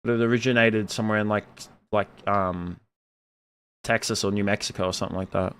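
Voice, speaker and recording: Young man, bright sharp tone, casual streamer reading chat and arguing back with animated, opinionated energy. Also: lowish voice, a little fast, clear, resonant tone. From Australia. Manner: animated and opinionated, jumping between loud outbursts and muttered asides. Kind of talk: casual chat, reading viewer comments aloud.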